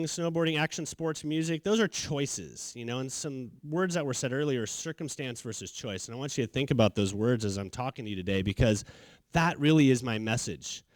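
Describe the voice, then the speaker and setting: A middle-aged man talks in a casual, animated way and acts out the voices of the people in his stories. His voice sits a little high. The sound is dry and close, with no room echo. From California. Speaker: charity founder, speaker. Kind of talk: storytelling talk.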